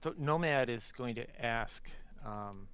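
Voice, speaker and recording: A man's voice: medium pitch, slow, a bit bright, clear, resonant tone, dry recording. A man playing a tabletop game, stammering and restarting often. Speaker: player. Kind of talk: casual tabletop play.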